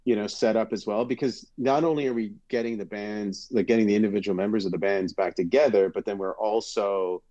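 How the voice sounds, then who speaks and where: A man with a low, dark, mellow voice tells stories on a podcast, acting out quotes with sudden high leaps. He was born in Britain and once hosted TV. The audio is dull and lo-fi. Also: fairly quick, hardly any pauses. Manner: animated storyteller, acts out quotes with big pitch jumps. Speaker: podcast guest, former TV host. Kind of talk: casual storytelling chat.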